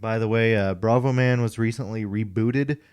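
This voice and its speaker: Man with a smooth, resonant voice. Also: lowish voice, moderate pace, darkish tone. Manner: informative, adds trivia and history. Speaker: co-host. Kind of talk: casual chat during an unboxing.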